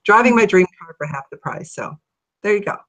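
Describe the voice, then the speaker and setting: A middle-aged woman from Ohio speaks as a guest in an interview, at a middling pitch. She tells her story with real animation. She now and then raises her voice to act out what she was thinking. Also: a little fast. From Ohio, USA. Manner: animated, acts out her own thoughts in a raised voice.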